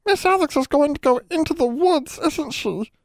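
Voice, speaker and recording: Man putting on squeaky fretful female house elves. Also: expressive, normal speed, no echo, studio quality. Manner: squeaky, fretful, ungrammatical speech. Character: timid female house elves, servile, broken grammar.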